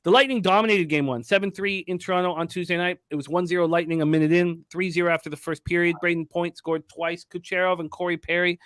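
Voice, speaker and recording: A man's voice: high-pitched, fairly even intonation, a bit bright, no echo, studio quality. Stat-heavy male betting show host. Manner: rattles off stats, brisk and emphatic. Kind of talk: sports betting talk show.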